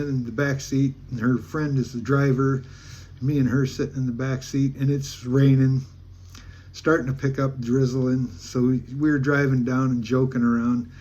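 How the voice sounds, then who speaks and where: A man from Alaska tells a casual travel story in a rambling, folksy way, often stopping and restarting his sentences. His voice has a husky edge, and his pitch sits in the middle range for a man. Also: flat delivery, normal speed, darkish tone. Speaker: travel vlogger.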